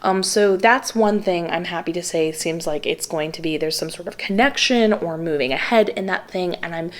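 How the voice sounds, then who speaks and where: A woman's voice: on the low side, normal speed. A young woman giving a casual tarot reading, speaking earnestly and rambling, with frequent fillers and restarts. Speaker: tarot reader.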